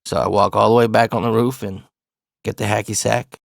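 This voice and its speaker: Man, forties, casual storytelling, profane, gravelly, dry close sound. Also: on the low side, fairly even intonation, a little fast, dry recording. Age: 40s. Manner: profane, laid-back street talk.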